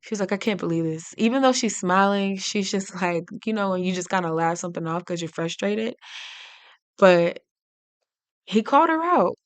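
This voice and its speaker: A woman's voice: mid-range voice, animated, normal speed, dry recording. A woman giving casual, chatty commentary while playing a life-sim game, narrating her characters' feelings and giggling often. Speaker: gaming channel host. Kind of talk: casual let's play commentary.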